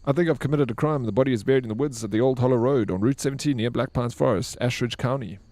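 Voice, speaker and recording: A man's voice: mid-range voice, fast, a little mellow, close to an everyday voice. A man voicing a young man who nervously confesses a murder on the phone to police. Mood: confessing.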